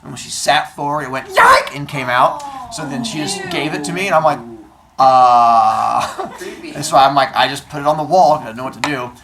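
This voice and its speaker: A male teacher telling a myth to his class in a classroom, animated and jokey, acting out voices as he goes. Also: on the high side, fast, a crowd in the background. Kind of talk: storytelling to a class.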